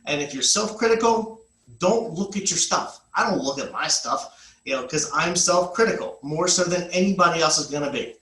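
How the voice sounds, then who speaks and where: A man's voice: a little high, fairly bright tone. Upbeat male instructor in an echoey room. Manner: upbeat, conversational, with filler "uh"s. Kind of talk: class for real estate agents.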